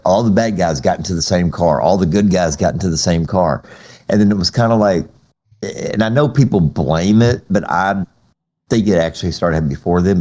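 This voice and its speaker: A man with a very low voice hosts a relaxed podcast conversation. He talks loosely, restarting phrases and laughing as he goes. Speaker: podcast host. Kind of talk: casual podcast chat.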